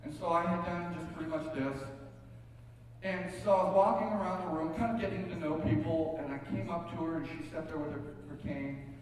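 A man's voice: fairly high pitch, a little fast, slight background noise. A male pastor preaching a sermon, telling folksy stories with joking asides. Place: church sanctuary. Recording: echoey hall from far off.

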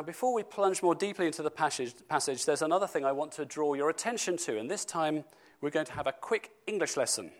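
A man preaching a sermon to his church, stressing key words and slowing down for scripture. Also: on the high side. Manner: emphatic, slows down for scripture, speeds up for asides.

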